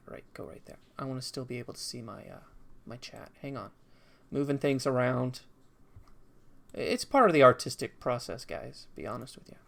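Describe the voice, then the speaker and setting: A man's voice: mid-range voice, creaky, fairly bright tone. A man streaming a video game in casual commentary, rambling and talking to himself as he goes. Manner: rambling, talks to himself while drawing.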